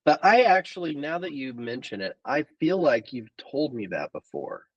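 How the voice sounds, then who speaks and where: A man co-hosting a horror podcast, jokey and offhand, who swears freely. His pitch swings widely as he talks. The sound is dry but a little dull and muffled. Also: big pitch swings, moderate pace, no echo, recorded from a distance. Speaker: podcast co-host. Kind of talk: casual podcast chat.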